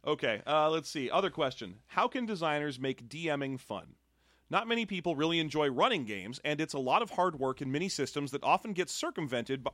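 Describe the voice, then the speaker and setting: A man co-hosting a casual podcast about tabletop games, reading out listener questions with quick, playful humor. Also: fairly bright tone, no echo, studio quality. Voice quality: calls his voice a soothing baritone. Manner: quick, wry, playful delivery. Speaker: podcast co-host.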